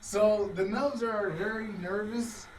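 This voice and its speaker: Giggly high-voiced man streaming from afar. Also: steady tone, slow, a little hiss or hum. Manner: giggly, rambling with many restarts. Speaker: talk show host. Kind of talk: casual livestream chat. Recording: distant mic with music behind. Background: music.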